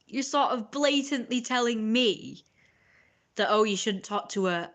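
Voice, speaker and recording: A woman's voice: fairly high pitch, animated, unhurried, a bit bright. Sarcastic woman ranting on stream. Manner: sarcastic, indignant, rambling; frequent coughs and laughs. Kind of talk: casual ranting monologue.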